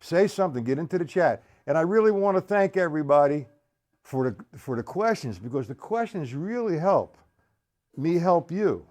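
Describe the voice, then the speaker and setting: An older man with a slightly high, mellow voice and lively intonation teaches a drum lesson over a live stream at a normal speed. He greets chat viewers by name, explains every exercise, and counts the beats out loud with a drum kit behind him.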